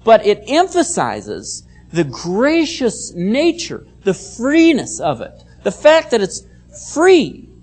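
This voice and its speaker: Lively, emphatic preacher giving a sermon. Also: medium pitch, slow pace, soft background music. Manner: emphatic, repeats key phrases; explains Bible words and reads scripture aloud. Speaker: pastor.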